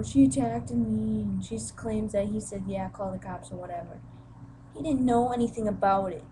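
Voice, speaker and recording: A woman's voice: medium pitch, background noise. A young woman vlogging, retelling a family conflict with emotion and acting out the quoted voices. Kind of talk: personal storytelling vlog.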